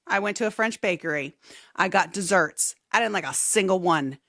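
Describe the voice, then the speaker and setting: Playful, lively woman podcast host. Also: lowish voice, normal speed, no room sound, studio quality. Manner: animated, playful storyteller. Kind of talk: casual chat.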